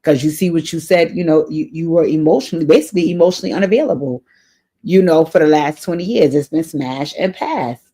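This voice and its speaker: A woman's voice: low-pitched, fast, warm tone, breathy edge. A woman hosting an advice show off camera, answering a viewer's letter in casual spoken advice. She is earnest and encouraging, with a spiritual bent, and repeats key lines for emphasis. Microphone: off camera, voice only.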